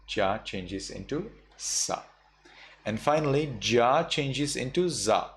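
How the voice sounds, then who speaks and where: Slow-spoken man teaching a class. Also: lowish voice, a little hiss or hum. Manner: slow, explains step by step with many fillers. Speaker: Buddhist monk teacher. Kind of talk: online class lesson.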